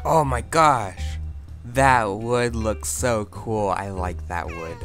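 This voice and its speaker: A man casually commenting on his own gameplay as a video host, chatty and excitable, squealing high when startled. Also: slow pace, soft background music.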